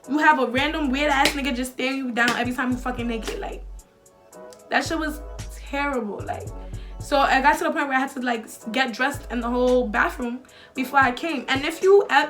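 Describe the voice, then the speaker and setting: A woman's voice: fairly high pitch, a bit bright. A young woman, telling a storytime vlog in casual, slangy talk full of likes and swearing. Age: young adult. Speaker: vlogger.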